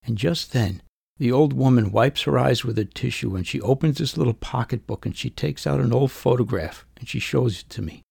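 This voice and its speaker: A man in his fifties telling a personal story in the first person, earnest and emotional, with measured pauses. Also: medium pitch, creaky, darkish tone, breathy edge, dry recording, studio quality. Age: 50s.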